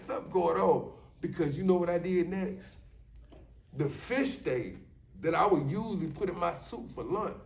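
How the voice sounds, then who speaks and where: A man telling a story from his time in prison in a casual, animated way, often checking in with his listeners. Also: on the high side. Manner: animated, addresses listeners as y'all, frequent "you know what I'm saying". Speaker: storyteller recounting prison life. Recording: echoey room, voice somewhat far from the mic.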